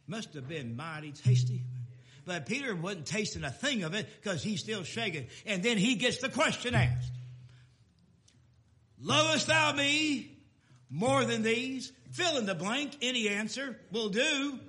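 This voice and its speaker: Lively high-voiced preacher. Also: male voice, normal speed. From Texas. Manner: folksy, emphatic, swings from loud declarations to soft asides. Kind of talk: sermon.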